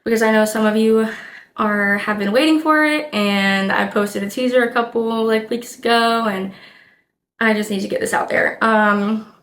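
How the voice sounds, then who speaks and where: A young woman in her twenties telling a storytime vlog to her camera, chatty and quick, with many fillers and a slight lisp from new aligners. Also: fairly high pitch, a bit bright, roomy sound. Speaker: vlogger. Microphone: camera mic.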